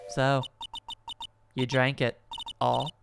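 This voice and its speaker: A woman voicing a creepy, quiet female secretary who speaks low and softly with menacing politeness. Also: little pitch movement, drawn-out words, gravelly, over music, exaggerated voice. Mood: ominous hush.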